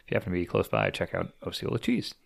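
Man, low voice, very lively pitch, casual podcast chat, rambling with many fillers. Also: rapid-fire, creaky, slightly rough. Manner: rambling, animated, lots of fillers and restarts. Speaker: podcast co-host.

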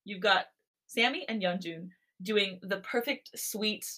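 A woman podcast co-host reading a romance story aloud in an expressive narration. Her voice is bright and clear, with a middle pitch. She breaks off for animated, giggly chat. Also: measured pace.

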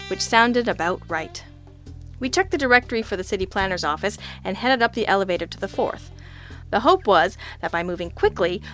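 A woman's voice: mid-range voice, a bit bright. A woman narrating a detective story in a dry, wry first-person manner. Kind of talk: audiobook reading of a detective story.

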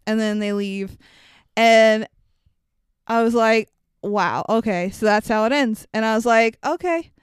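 A woman casually recapping a film with a co-host, animated and swearing, acting out the lines she quotes. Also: a little high, a little slow, long pauses, clean tone, dry recording, studio quality.

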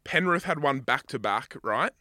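A man's voice: mid-range voice, lively intonation, moderate pace, sharp tone, no room sound, studio quality. A young Australian man co-hosting a podcast, chatting casually and arguing his point with plenty of swearing. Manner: sweary, heated, emphatic. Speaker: podcast co-host. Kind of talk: casual chat.

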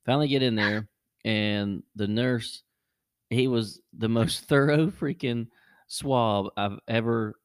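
Animated man telling a story, dry sound. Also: takes it slowly, smooth, dry recording. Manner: animated, jumps high when acting out quotes. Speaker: podcast host. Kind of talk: casual storytelling.

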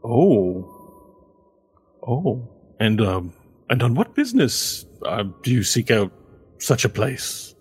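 A man's voice: big pitch swings, takes it slowly, pauses often, darkish tone, heavily acted. A man voicing a formal, welcoming male impresario of a pleasure house in a tabletop game, speaking in a theatrical, courtly manner. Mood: probing. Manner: smooth, theatrical, welcoming, raised pitch.

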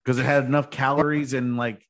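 A man's voice: medium pitch, flat delivery, brisk. A young man in casual chat, rambling and swearing as he tells stories. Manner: rambling, swearing, restarts often.

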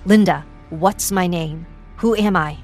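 A woman's voice: medium pitch, a little slow, faint music behind, pitched above the performer's own voice, close to an everyday voice. A woman doing a firm, desperate mother. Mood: urgent. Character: desperate mother confronting her sister.

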